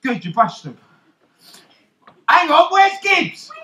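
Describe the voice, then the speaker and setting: In a full character voice, a man plays a rum-loving, swaggering pirate captain on a theatre stage for a live children's show, teasing and calling out to the crowd with theatrical flair. He speaks slowly at an extremely high pitch with big swings, and the roomy sound is laced with heavy background noise.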